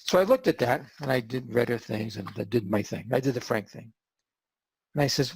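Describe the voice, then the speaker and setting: A man hosting a podcast and telling a story in an animated way, acting out the quotes. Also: medium pitch, a little fast, gravelly, slightly rough, no room sound. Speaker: podcast host.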